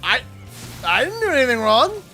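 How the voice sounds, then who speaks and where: A man's voice: very high voice, normal speed, soft background music. A man with a Canadian accent, telling a story in a casual livestream chat and acting out the people in it. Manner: animated, acts out the people in his stories. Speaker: streamer.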